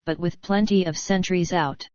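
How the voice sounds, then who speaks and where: Женщина читает за уверенного мужчину-лидера. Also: female voice, on the low side, fairly even intonation, normal speed, a little mellow, no room sound, dull audio, close to an everyday voice. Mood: easy, joking.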